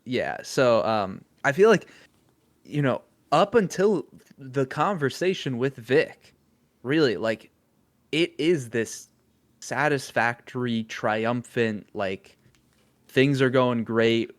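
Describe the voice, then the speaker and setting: A young man in relaxed podcast conversation, with a voice of ordinary pitch. He thinks out loud with plenty of fillers and slips in small chuckles. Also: slow pace. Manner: laid-back, chuckles often, thinks aloud with fillers. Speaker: podcast co-host. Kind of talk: casual chat.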